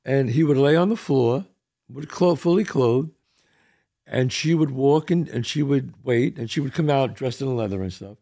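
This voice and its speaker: A man hosting a casual chat show, telling stories in an animated way. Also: medium pitch, moderate pace, gravelly. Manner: animated storyteller. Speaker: host.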